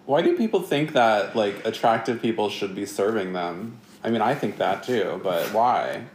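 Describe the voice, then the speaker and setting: A man with a somewhat low voice hosts a casual podcast and keeps the chat loose with crude, teasing jokes. The room is bare and his voice rings off the walls. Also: lively intonation, slight background noise. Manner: joking, teasing, quick to crude punchlines. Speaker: podcast host. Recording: roomy echo.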